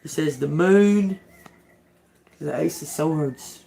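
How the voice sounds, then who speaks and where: A woman tarot reader talks straight to her viewers in a loose, unscripted way. She swears freely, laughs often and tells her story with lively, animated energy. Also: sits low, takes it slowly, vocal fry. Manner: addresses viewers as y'all. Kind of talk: casual tarot reading to camera.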